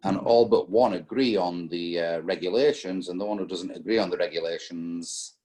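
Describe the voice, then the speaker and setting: A man with a very low voice, talking through an interview as a spirits importer. He speaks casually, pausing on fillers and restarting his sentences as he works through long stories. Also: a little mellow. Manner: hesitant, many fillers and restarts, storytelling.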